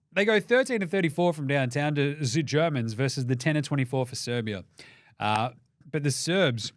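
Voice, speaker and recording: Australian male sports host, higher-pitched voice, dry close sound, sarcastic and profane commentary rant. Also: no room sound. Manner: sarcastic, swearing, swings between mutters and loud outbursts. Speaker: basketball show host.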